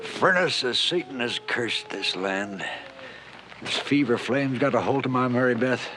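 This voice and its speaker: An actor playing a proud, stubborn man in a 1960s TV western, with a rough backwoods drawl. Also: mid-range voice, a little slow, pushed and bright, slight background noise. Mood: defiant. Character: proud stubborn mountain man, rainmaker father.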